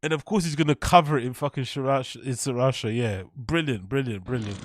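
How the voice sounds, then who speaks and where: A man's voice: mid-range voice, fast, slight background noise. A man hosting a reaction show, ranting in mocking, incredulous, sweary bursts. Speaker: host. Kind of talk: reaction commentary.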